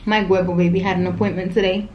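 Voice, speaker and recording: A woman's voice: fairly low pitch, little pitch movement, fast, highs cut off. A young adult woman chatting casually to viewers in a mukbang vlog from home. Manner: chatty, addresses viewers directly. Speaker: vlogger. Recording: echoey room with faint ambient noise.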